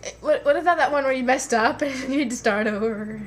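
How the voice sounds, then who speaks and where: Grumpy girl, kinda high voice, deadpan comebacks, noisy home video. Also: fast talker. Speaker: co-host. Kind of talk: casual chat on camera.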